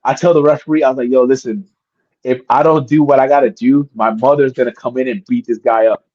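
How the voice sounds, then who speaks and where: A man guest on an interview, telling stories in a casual, animated way and acting out the voices of the people in them. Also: medium pitch, fast talker, no echo, muffled recording. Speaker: guest wrestler.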